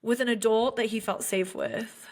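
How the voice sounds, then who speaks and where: A woman's voice: fairly high pitch, steady tone, normal speed. A young adult woman, a special education teacher, telling heartfelt stories in an earnest podcast conversation. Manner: earnest, heartfelt storytelling with frequent fillers.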